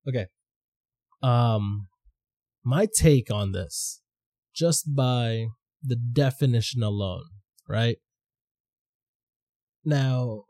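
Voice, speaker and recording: A man with a mellow, warm voice holds forth as a podcast host, thinking aloud in a loose, rambling monologue. His talk is casual and profane, and he swears freely as he goes. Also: medium pitch.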